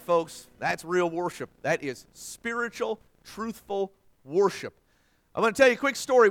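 A middle-aged man preaching a sermon as pastor, swinging between hushed lines and loud, dynamic delivery. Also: high-pitched.

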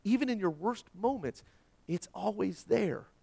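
A man preaching a sermon, telling stories dramatically and repeating words when excited. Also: unhurried, creaky. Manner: dramatic storytelling with big swings in pitch and loudness. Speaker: pastor.

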